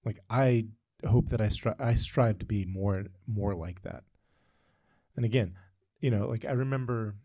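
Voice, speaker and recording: A man's voice: fairly low pitch, gravelly, mellow, no echo, clean studio sound. A man co-hosting a casual podcast, telling a long story with frequent tangents and fillers. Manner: rambling, goes off on tangents, many fillers. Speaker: podcast co-host.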